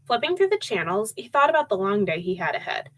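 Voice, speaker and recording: A young woman reads a storybook aloud on a live stream. Her voice sits mid-pitched and she talks casually and chattily between passages. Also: big pitch swings, fast talker, fairly bright tone, poor audio. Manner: chatty, with fillers and laughs between reading. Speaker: audiobook reader and streamer.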